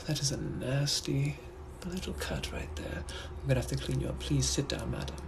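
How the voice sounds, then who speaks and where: A man voicing a suave, menacing Victorian gentleman butler with a put-on British accent, in whispered role-play, speaking slow, hushed and deliberate. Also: medium pitch, creaky, lightly acted. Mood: soothing. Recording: noisy background hiss.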